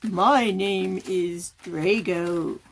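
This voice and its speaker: A woman voicing a proud fire-breathing dragon puppet in a lowered, drawn-out voice. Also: creaky, slight background noise, exaggerated voice. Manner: slow, lowered and grand.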